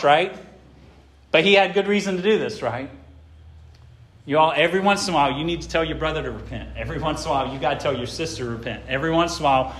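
A middle-aged man delivers a sermon to his congregation. His voice sits a little high for a man, and he presses hard on key points before easing back down. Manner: emphatic preaching, swinging from loud to quiet. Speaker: pastor.

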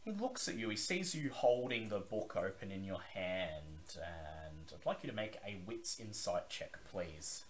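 Guy running a tabletop game, slow and lively voice, calm narration. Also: low-pitched, slight background noise. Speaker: game master.

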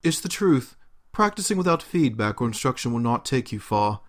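A man voicing a stern, condescending male butler in a deliberately bad British accent, reading from a game script. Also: medium pitch, very animated, voice pushed up, natural voice. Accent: bad put-on British. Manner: curt, scolding, condescending. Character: stern prim male butler, former noble.

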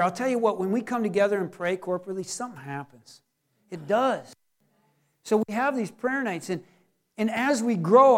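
Middle-aged male pastor, folksy joking sermon, very high voice. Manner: folksy, joking, acts out little scenes.

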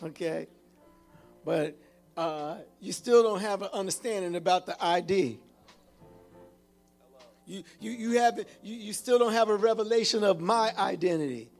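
A man's voice: sits high, normal speed, creaky, long pauses, faint music behind. A male pastor preaching a sermon with call-and-response, often repeating and restarting his phrases.

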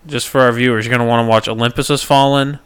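A man's voice: mid-range voice, fairly even intonation, quick pace, clear, resonant tone. A man hosting a casual podcast chat, joking around loosely, swearing freely and tripping over his words. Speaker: podcast host.

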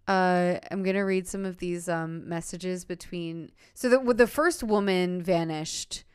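A woman's voice: on the low side, measured pace, clean tone, no echo, studio quality. A woman hosting a podcast who tells a story in a rambling, casual way, with lots of fillers and laughter. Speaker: podcast host.

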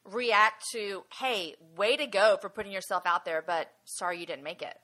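A woman hosting a podcast, asking encouraging questions in a casual, lively interview. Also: medium pitch, normal speed. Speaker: podcast host.

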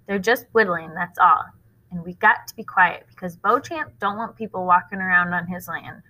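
A woman reading aloud, voicing a quiet, guarded country boy with plain, hushed speech. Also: on the low side, normal speed, low-quality recording.

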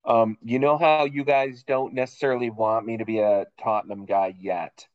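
A man's voice: medium pitch, steady tone, normal speed, dull audio. A man co-hosting a podcast, chatting casually and telling rambling, joking stories. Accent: Boston. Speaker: podcast co-host. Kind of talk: casual chat.

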